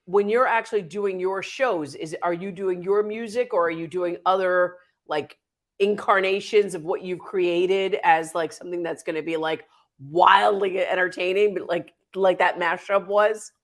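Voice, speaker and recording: A woman's voice: lowish voice, fairly even intonation, normal speed. A woman co-hosting a talk show, reacting effusively and asking the guest questions.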